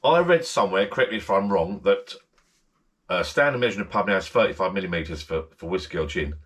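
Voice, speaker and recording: A man's voice: deep voice, quick pace, fairly bright tone. A man hosting a casual vlog from his backyard garden shed bar, rambling and repeating himself as he chats straight to his viewers. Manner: rambling, repeats himself, friendly direct address. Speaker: channel host.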